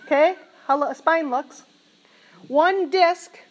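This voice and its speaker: High-voiced woman preaching with animation. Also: slow pace, dull audio. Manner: animated storytelling, laughing as she recounts a vision. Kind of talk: sermon.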